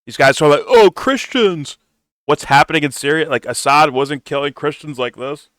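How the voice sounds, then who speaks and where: A man's voice: on the high side, steady tone, brisk, fairly bright tone, dry recording, clean studio sound. A young man hosting a reaction commentary, cursing and mocking in a blunt, sarcastic way. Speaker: commentary host reacting to clips.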